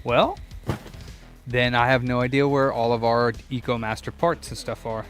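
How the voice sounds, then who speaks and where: A young man who runs a repair shop chats casually on a livestream while he works, with faint music behind him. His medium-pitched, fairly bright voice is steady and moderately paced, and he swears and rambles while hunting for parts, talking to himself and his viewers.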